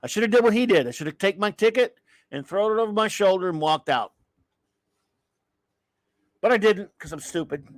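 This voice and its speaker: A man's voice: high-pitched, animated, fairly quick, long pauses, no echo. A middle-aged man hosting a casual live-stream show, ranting with exasperated sighs, rambling restarts and trailing remarks. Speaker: show host.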